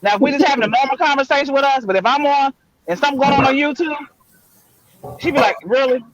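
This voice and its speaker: A middle-aged woman hosting a casual live panel chat, animated and exclaiming in slangy speech. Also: high voice, fast, muffled recording, very noisy. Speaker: panel host.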